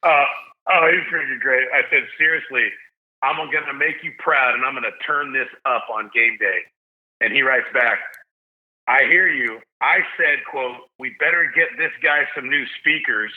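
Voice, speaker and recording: An excitable, jokey man tells a story to his podcast host. His voice comes through a thin, phone-like line, as if he is calling in remotely. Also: medium pitch, moderate pace. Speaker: stadium PA announcer, podcast guest.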